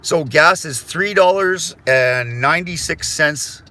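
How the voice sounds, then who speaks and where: A man's voice: fairly high pitch, slow pace, pushed and bright. A middle-aged man from Canada chatting casually to his viewers while driving, easygoing and rambling. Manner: easygoing, rambling, swears and apologizes. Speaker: vlogger. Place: inside a car.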